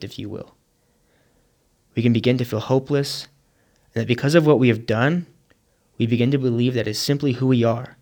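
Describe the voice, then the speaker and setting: A man telling a moving story in a sermon, measured and earnest, with dramatic pauses. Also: medium pitch. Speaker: speaker.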